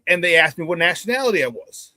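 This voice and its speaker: A middle-aged man hosts a sports talk show with a lively storyteller's delivery. His voice sits high for a man and is recorded close and dry in a studio. He leans hard into emphasis when he acts out old conversations. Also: fast, dry recording. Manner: animated storyteller, acts out quoted banter loudly, laughs often.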